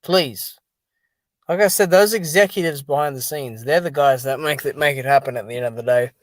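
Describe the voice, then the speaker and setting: A man's voice: mid-range voice, a little fast, dry recording. A man hosting a casual solo commentary on boxing and MMA, talking to his viewers in an exasperated, dismissive way and leaning on fillers like "dude" and "man". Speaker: boxing commentary channel host.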